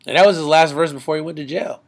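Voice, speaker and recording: Laid-back slangy man, higher voice. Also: fast talker, creaky. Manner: laid-back, slangy, breaks into reciting rap lyrics. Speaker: podcast host. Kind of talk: casual chat.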